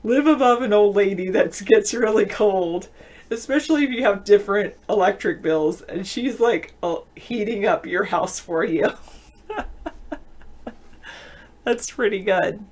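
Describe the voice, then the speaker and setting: A woman's voice: medium pitch, unhurried, darkish tone. A woman hosting a casual live video chat, reading viewer comments aloud and answering them with frequent laughs. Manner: laughs often mid-sentence. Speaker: show host.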